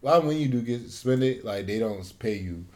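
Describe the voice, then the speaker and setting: A man's voice: mid-range voice, expressive, normal speed, a little mellow. A man co-hosting a casual podcast chat, blunt and wisecracking. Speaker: co-host.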